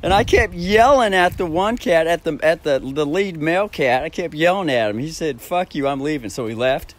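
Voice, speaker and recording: A man with a notably high voice rambles through a homespun story at his own place. He chuckles between phrases, swears freely and keeps circling back to restart his sentences. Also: expressive, normal speed. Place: at his own home, by a backyard shed.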